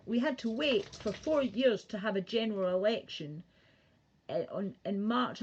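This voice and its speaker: A woman's voice: medium pitch, expressive, normal speed, darkish tone, slightly rough. A woman ranting casually and profanely on a livestream, rambling from one thought to the next. The sound is muffled, lo-fi audio. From Britain.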